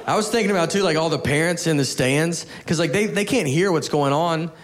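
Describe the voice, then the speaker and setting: A man's voice: a little high, fairly quick, some chatter behind, slight background noise. Laid-back man doing stand-up. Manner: laid-back storytelling with self-mocking asides. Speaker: stand-up comedian. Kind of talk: stand-up comedy set. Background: audience laughter.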